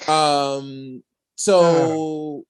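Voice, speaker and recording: A man hosting a podcast, telling a comic story in a slangy, animated way. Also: fairly high pitch, very slow, smooth. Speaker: podcast host. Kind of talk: casual comic recap chat.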